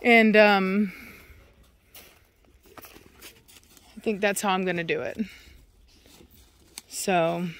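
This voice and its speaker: A woman's voice: mid-range voice, steady tone, drawn-out words, long pauses. A woman, chatting casually outdoors on her property into a handheld phone, rambling with lots of "like" and "um". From Texas. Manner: rambling and chatty, full of "like" and "um", breaks off to yell for her dogs. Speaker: dog kennel owner. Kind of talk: casual vlog chat.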